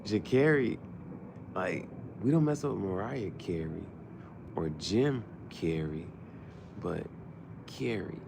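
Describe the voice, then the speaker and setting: A man's voice: mid-range voice, creaky, darkish tone, a little hiss or hum. A man, rambling in a loose, joking monologue and often laughing. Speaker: vlogger.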